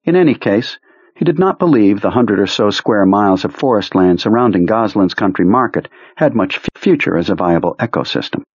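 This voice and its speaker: A man narrating a novel as an audiobook, in measured, even storytelling. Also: on the low side, breathy edge, no echo, dull audio. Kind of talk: scripted narration.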